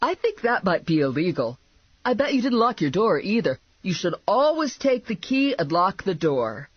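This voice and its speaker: A man's voice: sits high, big pitch swings, moderate pace, husky, no echo, lo-fi sound, voice pushed up, full character voice. A female audiobook reader voicing a dim, eager and earnest male sidekick who rambles on. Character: dim, eager, chatty adult man sidekick.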